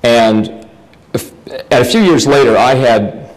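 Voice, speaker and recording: A man's voice: medium pitch, unhurried, low-quality recording. A middle-aged man from the United States giving a lecture, telling family anecdotes with wry humor and frequent restarts. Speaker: guest lecturer.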